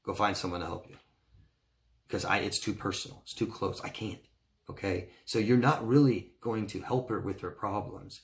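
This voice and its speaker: A man's voice: moderate pace, vocal fry. A man working as a relationship coach, answering viewer questions in a reassuring way and often checking in with "okay?". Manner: acts out quoted friends in a higher, excited voice.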